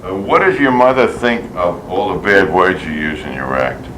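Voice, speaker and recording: A male interviewer asking halting, mock-serious questions in a cheeky interview. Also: low-pitched, fairly bright tone. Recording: noisy recording.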